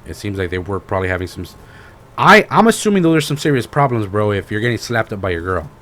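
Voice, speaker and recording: This podcast co-host speaks quickly in a lowish, fairly bright voice whose pitch swings widely. He's chatting casually, rambling and slangy, dropping "bro" and plenty of fillers as he retells things in a relaxed way.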